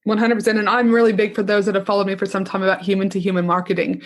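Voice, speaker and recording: Host: enthusiastic woman, chatty interviewer, conversational, mid-pitched voice. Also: level tone, rapid-fire. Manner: enthusiastic, chatty, repeats "do you know what I mean". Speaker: podcast host.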